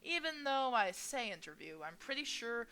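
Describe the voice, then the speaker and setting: A young woman reading a visual novel aloud as a gaming host, expressive and playful as she voices each character. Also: fairly high pitch, moderate pace. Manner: expressive, reads each character's lines with shifting energy.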